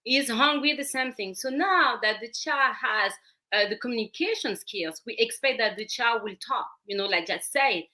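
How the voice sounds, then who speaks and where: Bright-voiced woman with a French accent. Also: a little high, moderate pace. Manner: explains step by step, repeating phrases. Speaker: parenting coach guest. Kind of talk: talk show interview.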